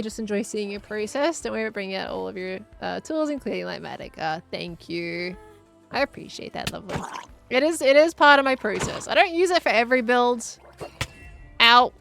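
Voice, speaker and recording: Gravelly, high-voiced woman streaming a game. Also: lively intonation, brisk, a bit bright, faint music behind. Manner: chatty, reads chat messages aloud and answers them. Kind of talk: casual gameplay livestream chat.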